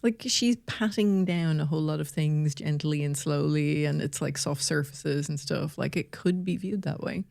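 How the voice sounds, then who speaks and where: A woman with a low, warm, mellow voice co-hosts a podcast in easy conversational chat. She reacts with curiosity and keeps asking follow-up questions. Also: moderate pace, creaky, hardly any pauses. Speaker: podcast co-host.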